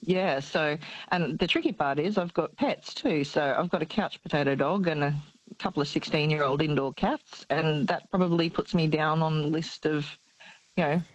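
A woman's voice: sits low, normal speed, dry recording, poor audio. A middle-aged woman calling in to a radio show, anxious and tired, talking hesitantly with many fillers and nervous laughs. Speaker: caller. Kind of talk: casual chat.

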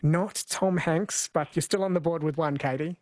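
A man's voice: on the high side, normal speed, darkish tone, no echo. A man hosting a late-night radio quiz in a friendly, chatty way, laughing easily.

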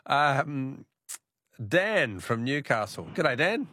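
A man's voice: mid-range voice, very animated, extremely slow, pushed and bright, no echo, clean studio sound. An Australian man hosting a talkback radio quiz, chatting and laughing easily with callers.

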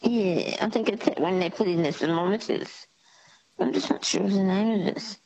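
A woman's voice: mid-range voice, normal speed, darkish tone, breathy edge, low-quality recording. A woman calling in to a radio quiz, hesitant and thinking aloud, with many fillers. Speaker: caller. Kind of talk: phone-in quiz caller.

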